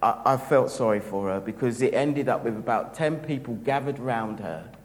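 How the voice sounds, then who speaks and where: A man preaching a sermon in a gentle, reflective, unhurried way. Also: mid-range voice, big-room sound, poor audio.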